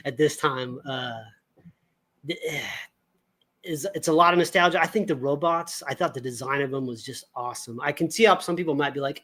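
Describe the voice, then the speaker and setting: A man's voice: on the high side, moderate pace, fairly bright tone. A middle-aged man chatting as a podcast co-host, enthusiastic and profane, laughing often. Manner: enthusiastic, swears freely. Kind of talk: casual chat.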